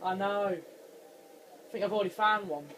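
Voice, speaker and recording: A young man giving let's play commentary on a horror game, jumpy and quick to scream when startled. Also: high voice, a bit bright, a little hiss or hum. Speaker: gaming channel host.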